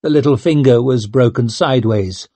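Husky, dry audiobook narrator, male. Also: medium pitch, moderate pace, mellow, no echo. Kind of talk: scripted narration.

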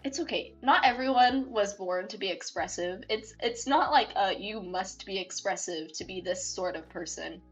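A bubbly young woman chatting with viewers on her stream, voice at an ordinary middle pitch and full of feeling. She rambles cheerfully and giggles often, with faint music playing behind her. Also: moderate pace, few pauses. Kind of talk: casual live-stream chat. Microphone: desktop mic, no webcam.

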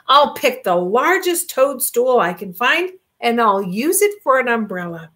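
A kindly old male rabbit from a storybook, sing-song and mildly fussy, as a grandmother reads him aloud. His lines ride up and down in a high, lively lilt. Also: unhurried. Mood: musing. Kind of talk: storybook reading.

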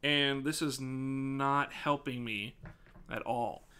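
A man streaming live, thinking aloud and swearing casually as he tests his desk microphone, often projecting near a yell. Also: medium pitch, fairly even intonation, slow, clean tone. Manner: projects loudly, near yelling into the mic. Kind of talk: live stream mic test, casual chat.

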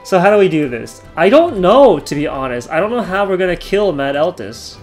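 A man hosting his own gaming channel, talking through his play, yelling and laughing at close calls. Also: high-pitched, big pitch swings, fairly quick, soft background music. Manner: chatty, talks over his play. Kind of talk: gameplay commentary.

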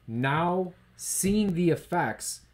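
A man's voice: high-pitched, expressive, very slow. A man co-hosting a podcast, ranting emphatically in casual political chat. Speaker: podcast co-host.

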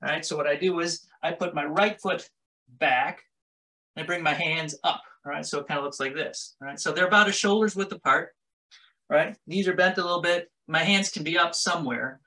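A man's voice: on the high side, fairly quick, pushed and bright. A man teaching a self-defense workshop in a casual, conversational way. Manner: casual, conversational, talks with his hands. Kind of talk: instructional talk.

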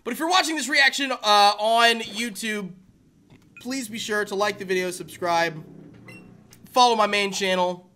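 A man streaming a video game live, chatting loosely with viewers and breaking into high, excited squeals and laughter. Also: unhurried, a little hiss or hum. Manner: rambling chat to viewers with fillers. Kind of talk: live-stream shiny-hunt reaction.

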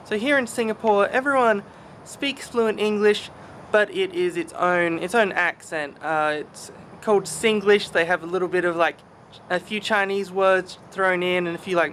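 A man's voice: high voice, a bit bright, a little hiss or hum. A young man with a mild Australian accent, chatting casually and self-deprecatingly in a vlog, with plenty of fillers and trailing asides. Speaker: vlogger.

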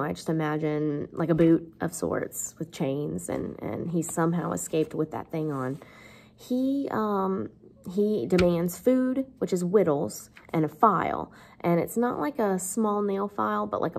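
A woman's voice: fairly low pitch, vocal fry, a little mellow. A woman English teacher giving a casual, chatty literature lesson, filled with fillers and the odd joke. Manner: chatty, lots of fillers, jokes.

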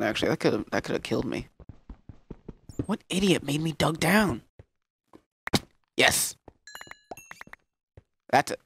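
Gravelly, goofy gamer guy. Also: mid-range voice, a bit bright, a little hiss or hum. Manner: rambling, swearing, goofy. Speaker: let's player. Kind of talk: casual gameplay commentary.

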